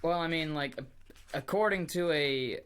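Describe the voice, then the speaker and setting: An animated man co-hosting a casual podcast. He jokes around, swears freely and jumps from one tangent to the next. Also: a little high, unhurried, slight background noise. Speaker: podcast co-host. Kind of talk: casual chat.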